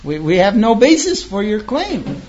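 A man's voice: sits high, very animated, measured pace, a little mellow, slight background noise. Stern judges, formal and questioning, read by a male storyteller, dull lo-fi sound. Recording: dull lo-fi recording.

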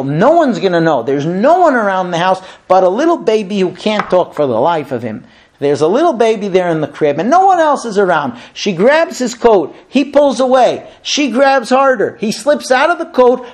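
A rabbi gives a Torah lesson as a sermon, telling the story in a lively way and acting out the voices of its characters. His voice sits high.

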